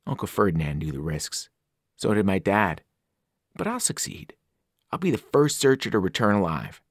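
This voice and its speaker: A man's voice: fairly low pitch, big pitch swings, moderate pace, dry recording, studio quality. A man voicing an earnest, anxious young male satyr in a storybook reading, raised and pleading. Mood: wistful.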